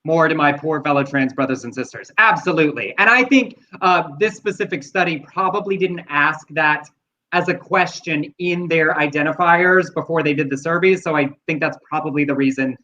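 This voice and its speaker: Man, high voice, blunt casual co-host, dull lo-fi sound. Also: normal speed, bright, forceful tone. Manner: blunt, chatty, swears casually. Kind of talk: casual live show chat.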